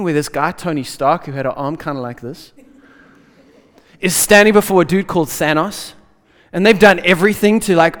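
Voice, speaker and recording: A man preaching a lively sermon in casual slang, swinging between loud bursts and hushed asides. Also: sits high. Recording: long hall reverb.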